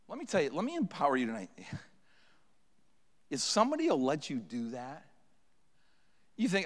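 A middle-aged man preaching a sermon as pastor, swinging between forceful declarations and hushed, quiet questions. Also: on the high side, wildly swooping pitch, normal speed, pauses often. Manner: preaching with rising and falling intensity. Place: church sanctuary. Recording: long reverb of a church hall.

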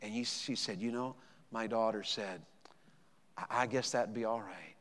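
A man preaching a sermon, moving between hushed storytelling and loud, emphatic proclamation. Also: fairly low pitch, moderate pace. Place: large church hall. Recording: long reverb of a large hall.

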